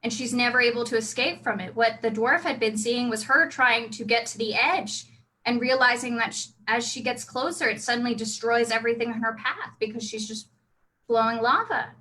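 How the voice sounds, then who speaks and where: A woman's voice: on the high side, moderate pace, bright, forceful tone, rough recording. A woman casually telling her role-play character's backstory, chatty with many restarts. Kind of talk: casual storytelling.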